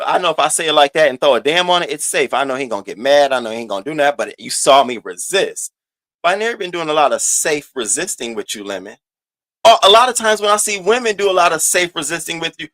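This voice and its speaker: A man with a slightly high voice hosts a casual gossip commentary. He is animated and profane, jumping from loud outbursts to low muttered asides. He stretches words out for sassy emphasis. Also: fast talker, no room sound. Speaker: host of a commentary channel.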